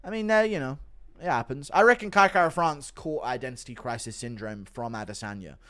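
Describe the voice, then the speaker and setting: A man livestreaming and reading viewer donations in a casual chat, mumbling in a downbeat way, breaking into loud ranting bursts, and swearing freely. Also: medium pitch, fairly quick. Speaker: streamer.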